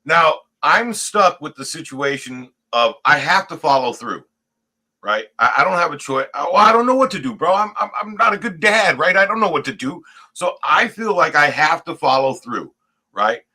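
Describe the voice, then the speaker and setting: A middle-aged man telling a story in casual chat, profane and animated, tagging lines with "right?". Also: fairly high pitch, normal speed, breathy edge.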